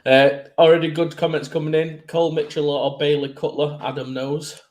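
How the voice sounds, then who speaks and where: A man's voice: fairly high pitch, little pitch movement, normal speed, low-quality recording. A man hosting a casual podcast, joking around, laughing often and swearing freely. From Manchester. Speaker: podcast host. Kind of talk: casual banter.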